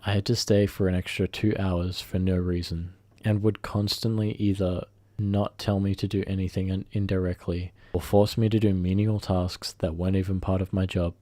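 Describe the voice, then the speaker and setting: A man's voice: sits low, little pitch movement, mellow, no echo. A man reading a first-person revenge story aloud, often stumbling and correcting himself mid-sentence. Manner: halting, self-correcting reading. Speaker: story narrator.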